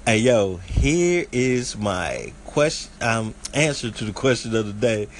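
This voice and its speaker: A man's voice: mid-range voice, lively intonation, slow pace, hardly any pauses, slight background noise, rough recording. A man from the southeast United States with a Southern country accent, hosting a casual solo podcast in a folksy way that sometimes stumbles over words. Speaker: podcast host.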